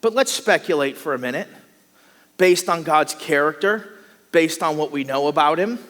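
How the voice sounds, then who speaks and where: A man preaches a sermon, his voice high-pitched and bright as he gets animated and slips into the voices of the people he describes. His words ring out into a long hall reverb. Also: normal speed. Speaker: pastor. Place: church sanctuary.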